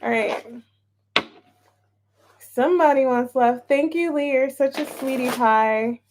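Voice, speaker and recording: Slow-talking chatty woman tarot reader. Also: high voice, noisy background. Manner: chatty and scattered, repeats herself, greets chat viewers. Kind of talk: casual live tarot reading.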